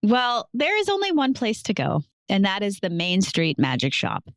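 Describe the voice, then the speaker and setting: A woman's voice: mid-range voice, huge pitch swings, moderate pace, no echo, studio quality. A woman hosting a casual podcast, playfully telling a history story to her co-host and laughing easily.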